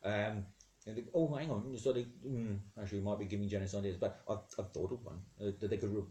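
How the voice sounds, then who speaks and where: A man's voice: lowish voice, fairly even intonation, fast, mellow. A man with a posh British accent hosting a comedy show as God, chatty and easily sidetracked, rambling and interrupting himself. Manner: rambling, digressive, self-interrupting. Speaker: comedy podcast host. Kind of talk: comedic character monologue answering listener questions.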